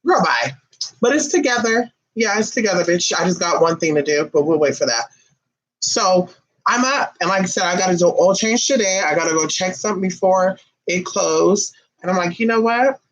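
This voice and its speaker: A woman with a lowish voice hosts a casual livestream at a normal speed, though the audio quality is poor. She tells an animated, rambling, profanity-laced story and reads comments, chatting with both her viewers and her pet.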